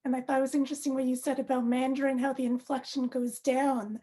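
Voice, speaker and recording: A woman interviewing an actor, friendly and quick to laugh. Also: high-pitched, level tone, dark tone, breathy edge. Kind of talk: interview conversation.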